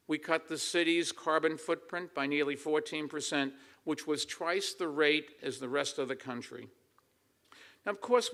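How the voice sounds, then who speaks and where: A man's voice: on the high side, vocal fry, a bit bright. An older man giving an emphatic campaign speech to a crowd of supporters, answering his own rhetorical questions. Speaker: political candidate. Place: assembly hall.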